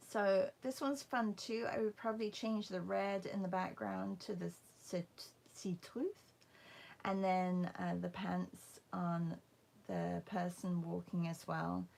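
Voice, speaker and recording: A woman's voice: on the low side, creaky, darkish tone. A woman hosting a casual livestream art class, chatting with viewers and greeting them by name, sometimes dropping into a whisper.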